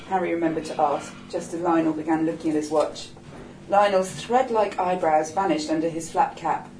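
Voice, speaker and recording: A woman narrating a novel in a measured, even storytelling manner. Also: fairly low pitch, a little hiss or hum. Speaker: audiobook narrator. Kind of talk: scripted narration. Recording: roomy echo, distant mic.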